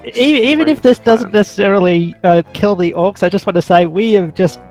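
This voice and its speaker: A man with a high voice plays a tabletop game in a playful, laughing way. Faint music plays behind. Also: a little fast, a little mellow, poor audio. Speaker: player. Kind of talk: casual tabletop play.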